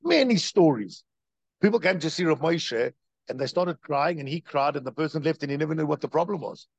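A man's voice: fairly high pitch, lively intonation, fairly quick, gravelly, no room sound, low-quality recording. A man, a rabbi, giving a Torah lecture, telling stories with lots of repetition and rhetorical questions.

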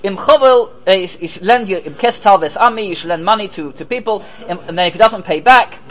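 A rabbi teaching a Torah class speaks emphatically in a high, slightly bright voice at a brisk pace, captured on a low-quality recording. He poses rhetorical questions and answers them himself, sprinkling in Hebrew and Yiddish terms.

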